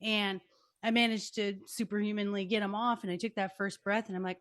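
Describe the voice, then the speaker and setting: A woman's voice: mid-range voice, flat delivery, a little fast, a bit bright. A woman hosting a podcast and coaching her guest, effusive and emphatic in her responses. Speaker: podcast host and life coach. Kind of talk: conversational interview.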